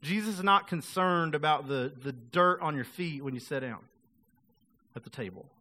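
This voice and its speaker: A man's voice: a little high, moderate pace, pushed and bright. A male pastor preaching a sermon in a casual, conversational way, acting out quoted voices of the people he talks about.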